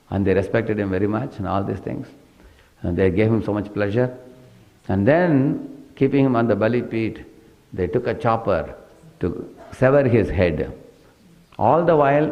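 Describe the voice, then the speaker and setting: Male preacher, lowish voice, story sermon with "huh?" asides, dull lo-fi recording. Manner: retells the story with frequent "hmm" and questioning "huh?" asides.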